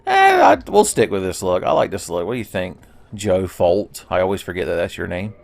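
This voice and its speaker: A man talking over a video game in a relaxed, rambling way, full of jokes and swearing. His voice sits on the low side. He drifts off topic in chatty asides. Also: fairly quick, creaky, no echo. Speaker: let's play host. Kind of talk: casual gameplay commentary.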